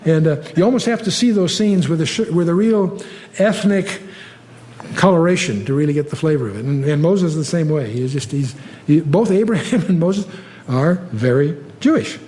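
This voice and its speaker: A man's voice: a little high, lively intonation, moderate pace, mellow. Chatty older man teaching scripture. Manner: conversational, reads scripture aloud with rising emphasis, frequent fillers. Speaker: Bible teacher. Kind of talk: verse-by-verse Bible teaching.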